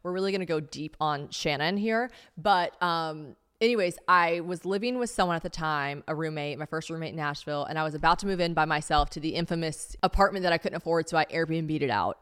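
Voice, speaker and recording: A woman's voice: sits low, fairly bright tone, clean tone. A woman in her late twenties hosting a casual solo podcast, chatty and self-mocking, swearing freely as she talks. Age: late 20s. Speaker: podcast host.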